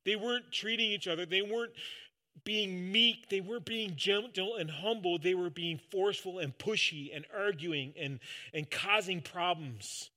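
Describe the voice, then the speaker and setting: Bright-voiced man preaching earnestly. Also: normal speed. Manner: earnest, shifts from soft and low to loud emphasis. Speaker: pastor. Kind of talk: sermon.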